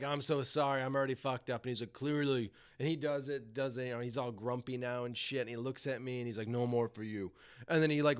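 Profane, animated male storyteller. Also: a little high. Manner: profane, animated, laughs often. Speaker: podcast guest. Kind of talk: casual storytelling.

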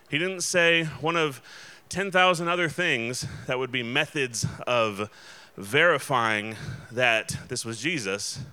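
A man preaching in an easygoing, chatty way, his voice bright and forward. He sounds crisp and smooth, and he keeps turning to his listeners with quick asides between fillers and restarts. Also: mid-range voice. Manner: casual and chatty, many fillers and restarts, checks in with the audience. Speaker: pastor. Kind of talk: conversational sermon.

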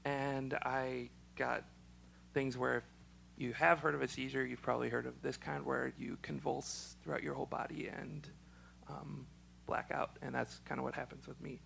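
A young man, speaking haltingly in an interview with a choked, froggy-sounding voice. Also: medium pitch, level tone, gravelly, a bit bright, slight background noise, low-quality recording. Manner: halting, with many ums and restarts. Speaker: special education teacher. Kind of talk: casual personal testimony.

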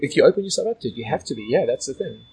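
A man's voice: medium pitch, animated, racing, warm tone, husky, low-quality recording. A man from Australia telling stories as a guest in a casual interview, rambling with lots of "like" and "you know".

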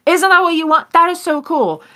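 A woman voicing an excitable young male werewolf fan, gushing with enthusiasm in a tabletop game. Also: very high voice, moderate pace, pitched above the performer's own voice, heavily acted.

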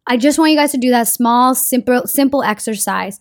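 A young woman who vlogs card readings gives casual spiritual advice about a card of the day, earnest but full of slang and swearing. Her voice is on the high side and fairly quick, recorded with studio quality and no room sound.

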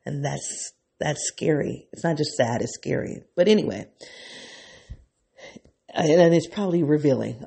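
A man hosting a podcast, thinking aloud in an unscripted, reflective monologue that is excitable and keeps circling back on itself. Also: on the high side, normal speed, vocal fry, husky. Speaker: podcast host.

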